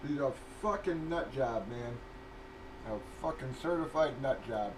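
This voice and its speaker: A man's voice: mid-range voice, animated, unhurried, noisy background. A man hosting a casual livestream, venting in a profane, ranting way. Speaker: livestream host running a card break.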